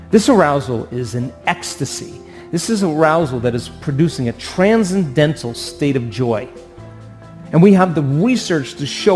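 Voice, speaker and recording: A man giving an animated motivational talk to an audience, acting out voices and asking for agreement. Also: on the high side. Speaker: speaker.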